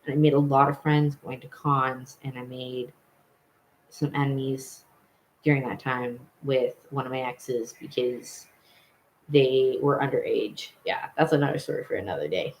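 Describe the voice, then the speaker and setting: Young male vlogger at mid pitch, casual storytelling, loose and rambling, stops and corrects himself often. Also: steady tone, measured pace, slight background noise, low-quality recording. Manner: rambling, with many fillers and self-corrections.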